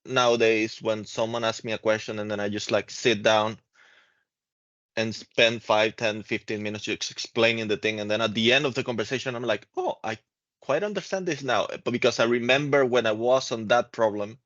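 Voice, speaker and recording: A man's voice: lowish voice, level tone, a bit bright, no echo. Guy in a study group rambling a bit, dull lo-fi sound. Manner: quick, loose, full of "like" and restarts. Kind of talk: casual group discussion.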